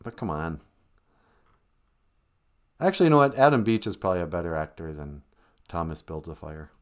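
A man's voice: sits low, moderate pace. A middle-aged man hosting a live stream in casual chat, full of playful, joking asides.

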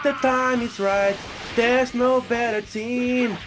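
A man doing let's play commentary, frustrated and swearing often, with loud outbursts. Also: very high voice, fairly even intonation, takes it slowly. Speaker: gaming video creator. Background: game music.

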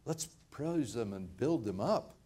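A man's voice: medium pitch, animated, unhurried, warm tone, slightly rough. An older man, a pastor, preaching a sermon in a conversational way, often repeating words and laughing lightly.

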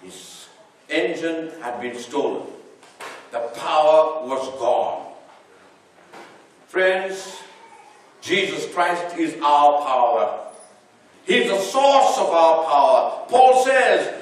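A man's voice: fairly high pitch, sing-song, drawn-out words, pauses often. A man preaching a sermon, swelling and dropping his voice as he drives his points home. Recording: echoey hall, voice from far off the mic.

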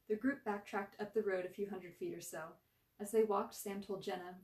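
A woman reading a short story aloud with lively, expressive narration. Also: mid-range voice, moderate pace, reverberant, distant mic. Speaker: story reader.

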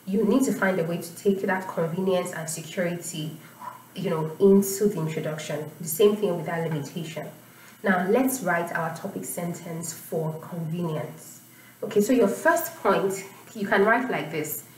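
Female exam tutor, lowish voice, patient explainer, sits back from the mic in an echoey room. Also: normal speed, recorded from a distance, a little hiss or hum. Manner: patient, repeats points with "you know" and "okay?". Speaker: IELTS teacher.

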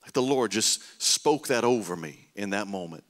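Pastor preaching in a reverberant hall. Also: male voice, fairly low pitch, moderate pace. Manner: animated storytelling, swinging from loud to hushed. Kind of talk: sermon. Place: church sanctuary.

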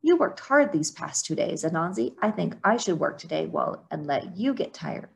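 A woman's voice: on the low side, very animated, normal speed, creaky, full character voice. A woman doing a sly sleepy turtle. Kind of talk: storybook reading.

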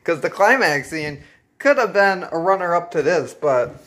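A man's voice: fairly high pitch, expressive, normal speed, a bit bright. A man hosting a casual, profane movie recap, laid-back and laughing often. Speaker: host.

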